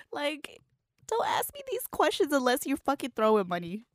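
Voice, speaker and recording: A woman's voice: high-pitched, a little slow, no room sound, clean studio sound. A woman co-hosting a casual podcast, talking bluntly with lots of swearing. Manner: blunt, profane, animated storytelling. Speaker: podcast co-host. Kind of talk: casual chat.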